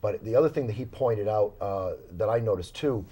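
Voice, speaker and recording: A man's voice: lowish voice, a little fast, dark tone, slight background noise. A man, a paranormal investigator guest in a small studio, telling his stories in a casual interview with many fillers and restarts.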